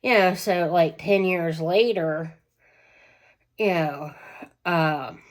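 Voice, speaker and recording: A woman's voice: on the low side, slow. A woman telling a rambling personal story to her vlog, full of fillers, small laughs and self-corrections. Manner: chatty, with frequent small laughs. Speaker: vlogger.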